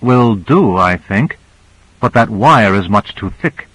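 A male narrator voicing Cora, a doubtful, tart young female technician, pitched higher than his own voice. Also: expressive, slow, a bit bright, husky, no echo, full character voice, low-quality recording. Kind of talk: audiobook character reading.

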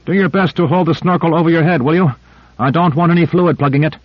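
An excitable male scientist bubbling with boyish eagerness, as a male narrator puts him on. The voice sits noticeably higher than the reader's own. The recording is dry and a little dull. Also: fast, no echo, natural voice. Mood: urgent. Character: excitable male scientist running the air supply. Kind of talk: audiobook character reading.

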